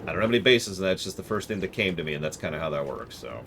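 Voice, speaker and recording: A man's voice: low voice, very animated, very fast, gravelly, noisy background. A man streaming a video game, rambling and joking about game lore in casual chat.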